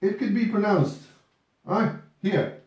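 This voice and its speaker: Echoey, lively male teacher from afar. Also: high voice, measured pace, lo-fi sound. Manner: patient, repeats words for students. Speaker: English teacher. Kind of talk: classroom pronunciation lesson. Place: classroom. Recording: echoey classroom from far off.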